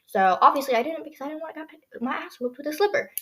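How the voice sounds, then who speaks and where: A woman's voice: sits high, fast, a bit bright, a little hiss or hum. Chatty teen girl with a dry throat. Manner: chatty, rambling, heavy use of "like". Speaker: podcast host. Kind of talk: casual solo podcast chat.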